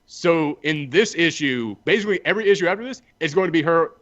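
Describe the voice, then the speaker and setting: A lively man talks comics on a podcast, slipping into quick character voices as he goes. His voice sits fairly high. The sound is a bit dull and lo-fi. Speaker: podcast co-host reviewing comics. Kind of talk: casual chat.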